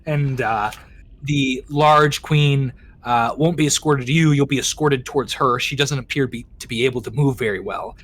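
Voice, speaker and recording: A man's voice: medium pitch, normal speed, fairly bright tone. A man narrating a tabletop game as game master, rambling, with many ums and self-corrections.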